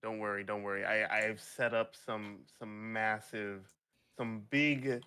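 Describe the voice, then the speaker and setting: A man chatting casually as a game master and hamming up his lines. His voice is bright and forceful. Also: lowish voice, fairly even intonation, measured pace, smooth. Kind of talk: casual chat.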